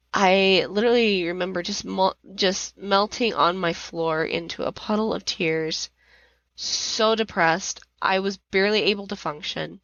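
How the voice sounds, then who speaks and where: Woman, middle-aged, emotional personal story, dry dull recording, mid pitch. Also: creaky, no room sound. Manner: emotional, rising to near-shouting when reliving anger. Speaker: podcast host.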